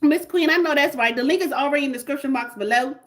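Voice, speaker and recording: A woman, hosting a casual livestream pitch, repetitive and hyped, talking straight to her viewers. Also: fast talker. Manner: repetitive, hyped, call-and-response. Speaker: livestream host selling a membership.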